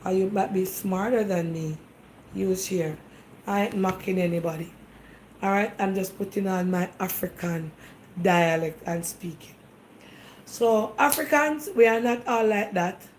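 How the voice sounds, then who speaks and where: A woman's voice: mid-range voice, a little slow, a little hiss or hum, rough recording. Jamaican lady hosting her own talk show, talking straight at the viewers, insistent, keeps throwing questions back at them. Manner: emphatic, fires rhetorical questions at listeners; speaks directly to the audience, defensive and insistent. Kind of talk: casual monologue to viewers.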